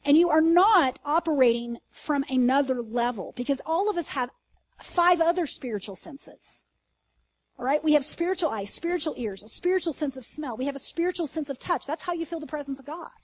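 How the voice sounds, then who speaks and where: High-voiced woman teaching a sermon. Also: expressive. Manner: earnest, conversational, asks the listeners questions; reads scripture slowly and emphatically. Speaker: Bible teacher.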